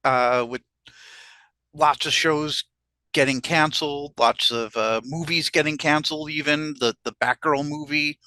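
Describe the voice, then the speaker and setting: A man's voice: fairly high pitch, steady tone, unhurried, pushed and bright. A man co-hosting a podcast in casual chat, hesitant and often stumbling over how he starts a sentence. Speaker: podcast co-host.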